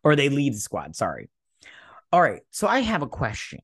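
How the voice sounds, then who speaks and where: A man in a tipsy movie-review chat, swinging his voice up and down as he mocks and curses his way along. He sits at a middle pitch and sounds close and dry, with no room around him. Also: normal speed, breathy edge, no room sound. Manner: animated, profane, mocking. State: tipsy from drinking. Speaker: podcast co-host.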